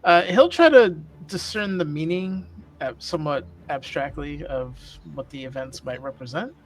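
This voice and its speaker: A man's voice: fairly high pitch, normal speed. A man playing in a tabletop game, joking and rambling with hesitant fillers. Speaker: player. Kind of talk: casual tabletop play.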